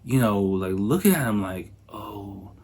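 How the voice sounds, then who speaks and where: A man hosting a podcast, telling a travel story in a loose, animated way, full of swearing and fillers. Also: sits low, normal speed. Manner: animated, profane, filler-heavy retelling. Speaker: podcast host. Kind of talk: casual anecdote storytelling.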